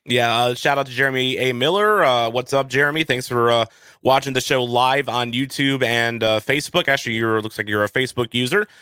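Bright-voiced man hosting a podcast. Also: medium pitch, a little fast, clear, resonant tone, no echo, studio quality. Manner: upbeat, with fillers. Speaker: podcast host. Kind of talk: casual podcast chat and ad reads.

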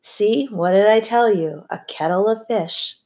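A woman's voice: mid-range voice, measured pace, dark tone, close to an everyday voice. Woman reading as a wry, joking dinner guest. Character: wry, joking middle-aged man at dinner.

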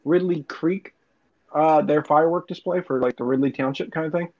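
In a dull lo-fi recording, a young man with a fairly high, darkish-toned voice speaks fairly quickly. Co-hosting a podcast, he tells rambling, profane stories with laughs in casual chat.

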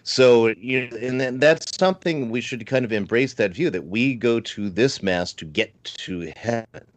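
A man's voice: medium pitch, moderate pace, no echo. A man speaking earnestly over a video call as a guest on a livestream panel, with frequent fillers and restarts. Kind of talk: casual discussion on a livestream panel.

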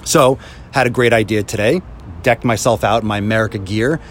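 A man's voice: lowish voice, brisk. A man in a heated, profane rant about his videos, recorded outdoors with faint traffic noise behind. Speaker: social media creator. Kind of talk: angry ranting vlog.

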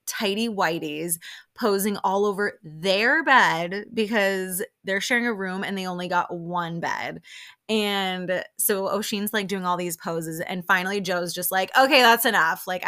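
Young woman podcast host, casual chatty recap, fond of "like", a little low-pitched. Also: a bit bright. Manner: chatty, lots of "like", laughs often.

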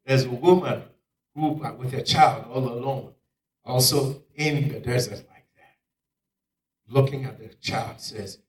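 A male preacher giving a dramatic sermon, swinging from loud exclamations down to near-whispers. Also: mid-range voice, fairly even intonation, a little slow, slight background noise. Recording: echoey room, picked up from far off.

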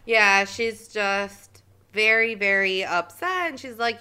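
A woman co-hosts a casual recap podcast, a chatty storyteller who acts out characters' lines as she retells scenes. Her voice is bright and clear, at an average pitch. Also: lively intonation, takes it slowly. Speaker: podcast co-host.

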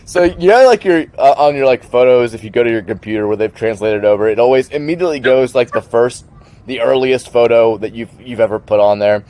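A man's voice: mid-range voice, brisk, darkish tone. A man with a mid-range voice co-hosting a casual sports podcast. He talks in an easygoing way and likes to rib his friend, chuckling as he goes. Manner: teasing, easygoing, ribs his co-host. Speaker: podcast co-host.

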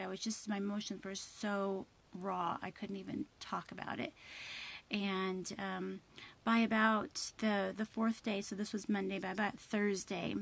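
A woman's voice: medium pitch, gravelly, breathy edge. A woman in her thirties telling an emotional personal story, with many fillers, quoting herself and her husband.

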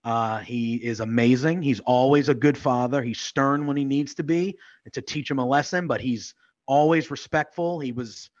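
A man's voice: medium pitch, normal speed. A man co-hosting a casual chat podcast, his voice sitting in a middle register. He talks in a rambling, heartfelt way, full of fillers, and the recording sounds a bit dull and lo-fi. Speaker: podcast co-host.

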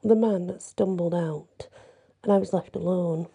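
A woman narrating a first-person horror story in a plain, measured storytelling manner. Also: on the low side, gravelly, dark tone, breathy edge.

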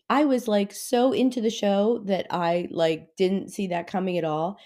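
A middle-aged woman hosting a Christian podcast, telling a story in a chatty, rambling way that turns animated as she retells it. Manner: chatty storytelling, lots of "like" and "anyway"; grows animated and high-pitched when retelling. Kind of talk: devotional podcast talk.

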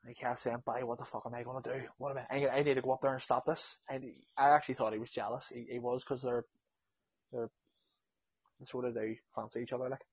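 A young Northern Irish man spins a rowdy anecdote in a slightly husky voice, swearing as he goes and jumping into the voices of everyone involved. The sound is dry and dull, like a low-fi podcast mic close up. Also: fast talker, dry recording. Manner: animated storyteller, swears freely, acts out quotes. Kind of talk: casual anecdote telling.

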